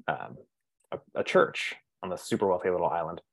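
A man's voice: low voice, lively intonation, fairly quick, creaky. A man in his mid-thirties hosting a casual interview, joking about himself. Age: 30s. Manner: self-deprecating, joking. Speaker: podcast host.

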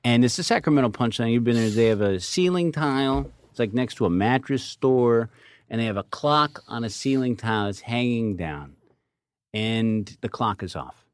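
A man's voice: mid-range voice, moderate pace, clean tone, no echo. Man, podcast guest, comedian, casual storytelling, cursing, dry close sound. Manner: profane, animated anecdote-telling.

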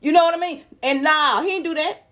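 Outspoken high-voiced woman vlogger. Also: brisk, a bit bright. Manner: outspoken, heated, slangy, addresses viewers directly. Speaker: gossip vlogger. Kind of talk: celebrity gossip commentary.

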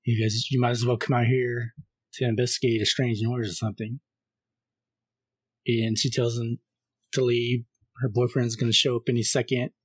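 A man co-hosting a film podcast, casually recapping a horror movie scene by scene and reading the caller's lines flatly. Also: mid-range voice, breathy edge, no room sound. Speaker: podcast co-host.

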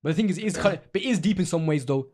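A man's voice: on the high side, animated, rapid-fire, darkish tone. A young man, co-hosting a podcast in casual chat. He rambles, restarts often and uses a lot of slang. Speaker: podcast co-host.

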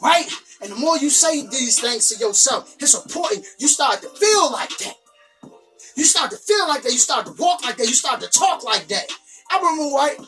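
A woman giving an emphatic motivational monologue. She repeats her lines and bursts into shouting. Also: high voice, expressive, normal speed. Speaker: motivational speaker. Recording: distant from the mic. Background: faint music.

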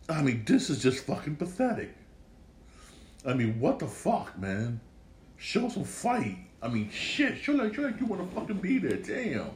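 Low-voiced man ranting casually, echoey room. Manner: profane, repetitive, stumbling restarts. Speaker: podcast host. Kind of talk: casual solo commentary. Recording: echoey room with faint ambience.

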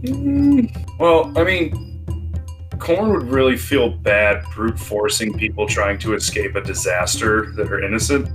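A man's voice: fairly low pitch, expressive, unhurried. A man playing a tabletop game, talking in an easygoing, hesitant way as he thinks aloud. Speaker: player. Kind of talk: casual chat. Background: background music.

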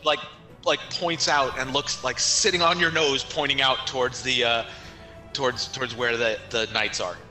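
A man's voice: mid-range voice, steady tone, moderate pace, bright, forceful tone, faint music behind, poor audio. A man playing a tabletop game, rambling through his character's actions with many fillers. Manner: rambling, filler-heavy narration. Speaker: player.

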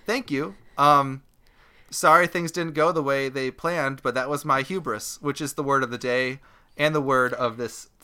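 A man's voice: medium pitch, steady tone, moderate pace, sharp tone, clear, resonant tone. A man co-hosting a podcast in casual chat, rambling and self-mocking and laughing often. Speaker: podcast co-host.

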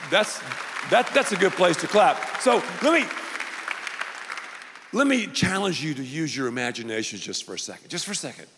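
A man preaching a sermon to a large church crowd, playful and animated, drawing the audience into call-and-response. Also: on the high side, in a large hall, a little hiss or hum. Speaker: pastor.

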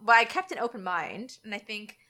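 A young woman, telling a dating story in casual chat and acting out the quotes with big jumps in pitch. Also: expressive, brisk, sharp tone.

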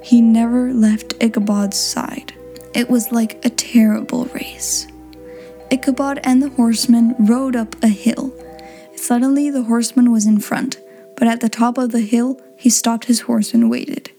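A woman narrating a storybook in a clear, simple reading style for learners. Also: a little high, fairly even intonation, measured pace, warm tone, faint music behind. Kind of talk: storybook read-aloud.

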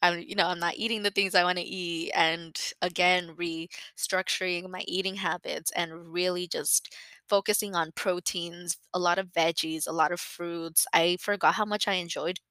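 A young woman speaks in a candid solo monologue, frank and profane, sharing personal feelings openly. Her voice sits slightly low but sounds bright and clear. The recording is dry and close, with no room sound. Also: fairly even intonation, moderate pace, no room sound. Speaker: podcast host.

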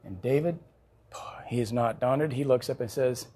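Slightly husky preaching man. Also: medium pitch, normal speed. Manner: animated storytelling with chuckles. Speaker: pastor. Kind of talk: sermon.

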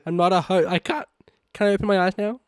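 A man's voice: high-pitched, fast. An Australian man co-hosting a casual podcast, playful and teasing and giggling often. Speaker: co-host.

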